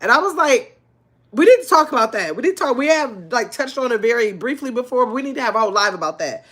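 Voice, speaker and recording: A woman's voice: on the high side, lively intonation, quick pace, fairly bright tone. An older woman hosting a casual livestream, chatting loosely and answering viewers' comments as they come in. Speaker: livestream host.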